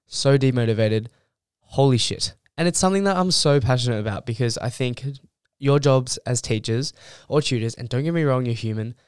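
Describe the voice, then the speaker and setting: A man's voice: medium pitch, fairly quick, clear, resonant tone, no echo, studio quality. A young man, a university student, ranting bluntly and heatedly in a casual monologue, swearing freely. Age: young adult.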